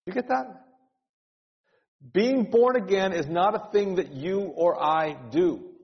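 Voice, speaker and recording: A male pastor with a high-pitched voice takes his time through an earnest, urgent sermon, repeating words often and rising into cries. The sound is dull and carries long hall reverb.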